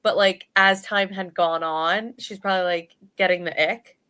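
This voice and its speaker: A woman's voice: on the low side, steady tone, moderate pace, pushed and bright, clear, resonant tone. A woman in her thirties hosting a podcast, chatting casually about reality television with many "like" fillers. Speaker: podcast host. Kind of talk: casual chat.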